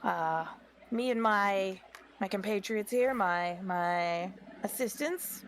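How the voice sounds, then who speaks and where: Woman playing a halting cowardly cat detective. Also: medium pitch, slight background noise, close to an everyday voice. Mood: hesitant. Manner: hesitant, halting, full of fillers. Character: nervous male cat detective, secretly cowardly.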